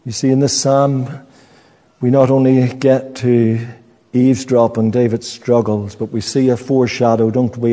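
A man preaching a sermon in a slow, earnest way, often stopping to restart a phrase. His voice is warm and mellow, and his mid-range pitch rings with long reverb in a church hall.

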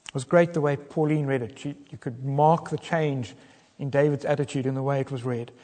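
A man's voice: medium pitch, steady tone, fairly quick, mellow. A man preaching a sermon, dramatic in delivery and rising to fervent cries when he quotes prayers. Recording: long reverb of a hall.

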